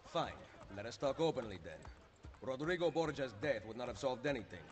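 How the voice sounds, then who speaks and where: A man's voice: mid-range voice, lively intonation, a little fast, natural voice. An actor playing a resolute male master assassin who speaks earnestly and steadily in a video game.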